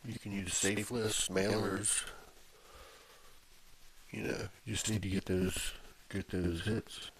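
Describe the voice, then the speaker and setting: Man with a very low voice, casual self-narrated screen recording on a desk mic, rambling delivery. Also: flat delivery, takes it slowly, gravelly, pauses often, a little hiss or hum. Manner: rambling, with many fillers and restarts. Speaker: video blogger. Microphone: plugged-in desk microphone.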